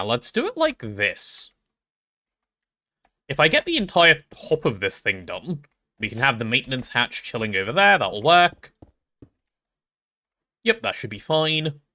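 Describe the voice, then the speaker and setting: A man's voice: medium pitch, huge pitch swings, moderate pace, pauses often, bright, forceful tone. A man live-streaming a game, chatting casually and rambling as he reads chat and talks through his build.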